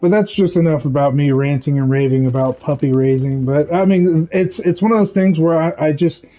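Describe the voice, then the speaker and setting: Male streamer, fairly high voice, rambling and ranting casually while gaming. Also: fairly even intonation, moderate pace, lo-fi sound.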